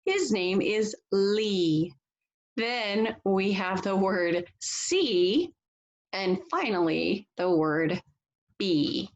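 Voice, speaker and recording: A woman teacher giving a read-aloud phonics lesson, reading slowly and deliberately and laughing softly now and then. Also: dull audio. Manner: slow, deliberate reading with lively pitch and soft laughs.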